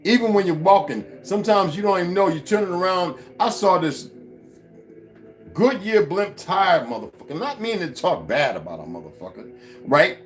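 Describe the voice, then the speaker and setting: Over soft background music, an American vlogger rants at a moderate pace in a profane, heated monologue. He swears and mocks constantly, with lively swings in pitch.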